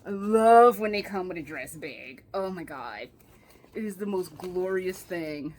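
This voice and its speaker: A young woman vlogging an unboxing in a casual, excitable way, swearing freely and gushing over what she finds. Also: on the low side, unhurried. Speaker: fashion vlogger. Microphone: camera with ring light.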